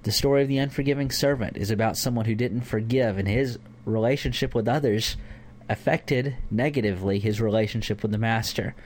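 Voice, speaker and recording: A man's voice: medium pitch, fairly quick, a little mellow, slight background noise. A man teaching a conversational Bible lesson to a church group, informal with fillers. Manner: informal, with fillers and acted-out examples.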